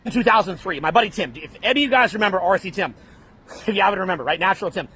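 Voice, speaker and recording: A man's voice: high-pitched, expressive, racing, sharp tone, slightly rough. A man from Canada giving dating advice in a brash, blunt lecture style, calling his listeners bro. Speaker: dating coach.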